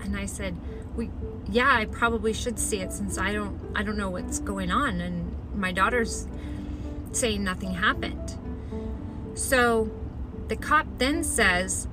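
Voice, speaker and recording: A middle-aged woman telling a personal story in a chatty, animated way, acting out the voices of the people in it. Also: mid-range voice, unhurried, over music. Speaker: storyteller recounting her own experience. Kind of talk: casual spoken storytelling.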